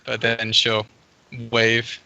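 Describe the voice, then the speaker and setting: Flat, sharp-toned man player. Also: medium pitch, very slow, gravelly, muffled recording. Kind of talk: tabletop role-play over a call.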